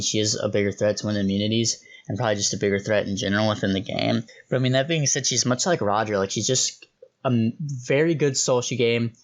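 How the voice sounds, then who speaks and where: A young man casually reviewing players, talking in a chatty, opinionated way with loose slangy asides. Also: on the low side. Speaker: host reviewing reality show contestants. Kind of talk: casual commentary.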